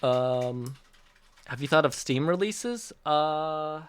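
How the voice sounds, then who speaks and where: A man's voice: on the high side, animated, slow pace, clean tone. Upbeat chatty man on a livestream. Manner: upbeat and chatty, laughs often, stumbles and restarts. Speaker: app developer hosting a release livestream. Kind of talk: casual livestream Q&A, reading out chat.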